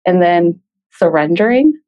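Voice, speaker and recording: A woman talking as a guest about leaving a job, reflective and measured, with light laughs. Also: lowish voice, expressive, lo-fi sound. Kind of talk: reflective conversation.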